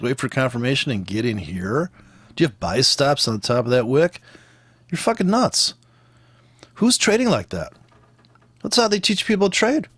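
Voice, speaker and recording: A man's voice: medium pitch, fairly bright tone, no echo. A man giving blunt, profane, exasperated trading commentary while walking through charts. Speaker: forex trader teaching.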